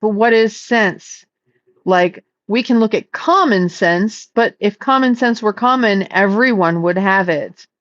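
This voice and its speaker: A woman speaking as a psychic in a casual, meandering spiritual talk, earnest and stretching some words out slowly. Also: medium pitch, no echo, highs cut off. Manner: meandering and earnest, with slow drawn-out emphases. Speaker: psychic channeling messages.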